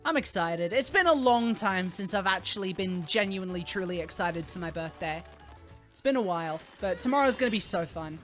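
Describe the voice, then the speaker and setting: A young adult woman streaming live, chatting casually, swearing freely and squealing loudly when thanking donors. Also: lowish voice, animated, brisk, soft background music.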